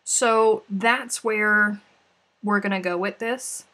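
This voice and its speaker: A woman's voice: medium pitch, steady tone, slow pace, sharp tone. A woman hosting a casual crafting livestream, chatty and playful, often sighing and laughing between remarks. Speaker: livestream host.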